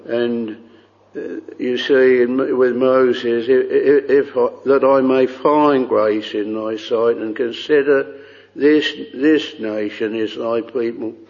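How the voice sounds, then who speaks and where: A man's voice: medium pitch, fairly even intonation, slow pace, darkish tone. A man preaching a sermon in an earnest, pleading way, often repeating phrases and crying out "oh". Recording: dull lo-fi recording with long hall reverb.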